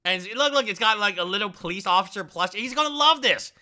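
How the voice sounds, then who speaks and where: A man hosting a casual live stream, talking in excitable, rambling, jokey bursts. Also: high-pitched, fairly quick.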